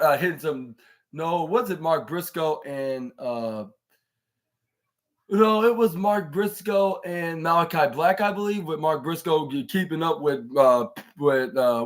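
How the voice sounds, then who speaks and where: A man hosting a podcast, giving a casual, rambling play-by-play recap with many restarts and fillers. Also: fairly high pitch. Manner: acts out wrestlers' lines in raised voice. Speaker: podcast host reviewing wrestling.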